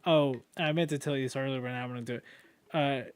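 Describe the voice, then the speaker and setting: A man's voice: medium pitch, fairly even intonation, fast, smooth. A man in his twenties telling rambling stories in a casual podcast chat, swearing often. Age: 20s. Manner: rambling, profane storyteller. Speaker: podcast co-host.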